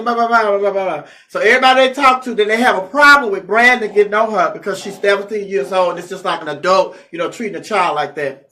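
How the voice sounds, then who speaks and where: A comedy show host spins a gossip story in a chatty, sassy way and slips into the voices of the people involved. The voice is bright and has some edge, and the pitch sits in the middle. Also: fast, hardly any pauses.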